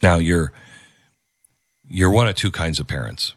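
A man's voice: low-pitched, measured pace, husky, no room sound, studio quality. A man hosting a commentary show, reacting to a video clip in an emphatic, preachy way and repeating his key phrases.

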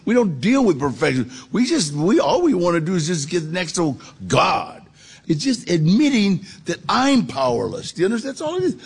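A middle-aged man with a gravelly voice telling his life story in a street-casual, gritty way. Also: high voice. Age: 40s or older. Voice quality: gravelly, husky. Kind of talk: storytelling testimony.

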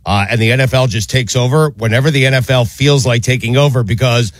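A man's voice: medium pitch, no room sound. Emphatic male sports radio host. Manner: emphatic, quick to laugh, hands off to co-hosts. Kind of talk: casual sports talk.

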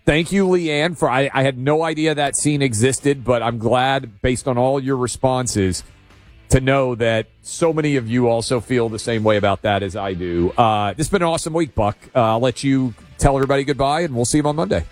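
A man's voice: mid-range voice, fairly quick, faint music behind. A man hosting a radio talk show, taking calls in a friendly, rambling way with frequent restarts.

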